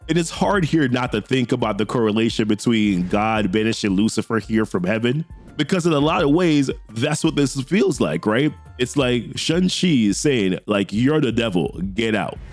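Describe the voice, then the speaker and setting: Animated man recapping a comic story. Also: mid-range voice, normal speed, soft background music. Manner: animated storytelling, reading characters' lines in quotes with slang asides. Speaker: comic book recap host.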